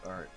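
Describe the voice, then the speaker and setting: A man chatting casually as he plays through a game, thinking aloud and getting excited over his rewards. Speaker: gaming channel host. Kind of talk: casual let's-play commentary.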